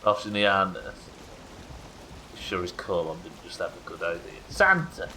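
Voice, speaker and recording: A man's voice: sits low, fairly even intonation, normal speed, pushed and bright, a little hiss or hum, low-quality recording. A man chatting casually while streaming a game, crude and joking, laughing often. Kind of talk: casual live-stream chat.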